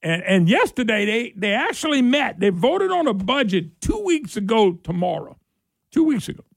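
A middle-aged man hosting a political talk radio monologue. He laughs and mocks as he talks, getting excited. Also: high-pitched, moderate pace, gravelly, no echo, studio quality.

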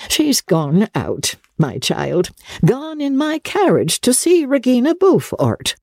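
A reader putting on a sly, domineering old grandmother from an audiobook, pitched up and archly theatrical. The delivery is slow and unhurried and swoops widely in pitch. The tone is mellow, with a husky edge. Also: wildly swooping pitch, no room sound, clean studio sound, heavily acted. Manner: coaxing, archly theatrical, higher voice. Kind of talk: audiobook character voice.

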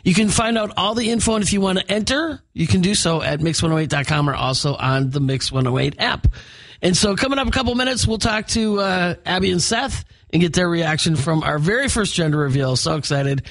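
A woman's voice: fairly low pitch, fairly quick, no room sound. A woman hosting a live morning radio show, chatty and full of fillers. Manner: chatty, many fillers and restarts. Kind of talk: upbeat live radio banter. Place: radio studio.

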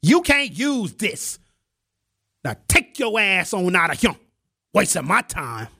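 A man's voice: sits high, big pitch swings, takes it slowly, gravelly, pushed and bright, slightly rough, voice pushed up, exaggerated voice. A man voicing an irritated woman clerk who is curt and dismissive. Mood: scolding.

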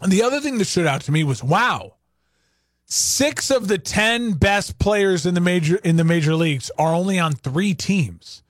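A man's voice: sits high, expressive, normal speed, no room sound, studio quality. A man hosting a sports talk show, ranting with rhetorical questions in opinionated commentary.

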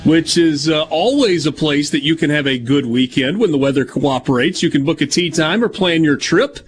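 A man hosting a sports radio talk show and reading live ads in an upbeat, lively way from a studio. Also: fairly high pitch, normal speed, soft background music.

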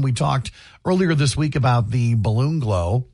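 A man's voice: medium pitch, moderate pace, slightly rough, faint music behind. A man co-hosting a morning radio show, joking and laughing often as he reads promos and chats with his co-host in the studio. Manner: jokey, laughs often, animated delivery. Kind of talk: upbeat radio banter. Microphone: studio microphone.

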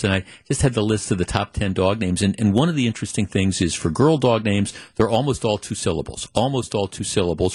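Chatty husky radio host, dry studio. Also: male voice, on the low side, no echo. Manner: chatty, repeats words while thinking aloud. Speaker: radio talk show host. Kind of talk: call-in talk radio. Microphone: studio microphone.

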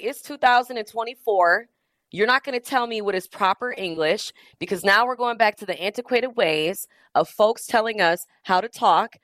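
A woman's voice: mid-range voice, fairly bright tone, dry recording. A woman hosting a call-in radio talk show, talking in an emphatic, slangy way and firing off rhetorical questions into a studio microphone.

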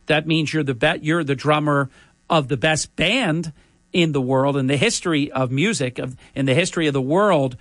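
A man's voice: a little high, normal speed, fairly bright tone, dry recording, clean studio sound. A man hosting an interview, asking long, rambling questions. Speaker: host.

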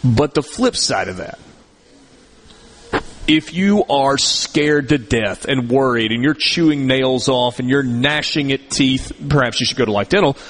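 A man's voice: medium pitch, expressive, a little slow, fairly bright tone. Chatty middle-aged male sports host. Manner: talkative, repeats words when starting. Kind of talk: casual sports talk.

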